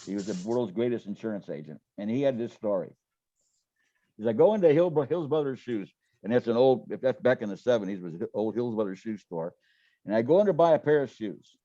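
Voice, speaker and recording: Man, folksy storyteller, stumbles and repeats himself, warm mellow voice, dry close sound. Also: on the low side, animated, brisk, dry recording, muffled recording. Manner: folksy, repeats words, acts out quotes. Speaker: guest. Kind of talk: casual storytelling interview.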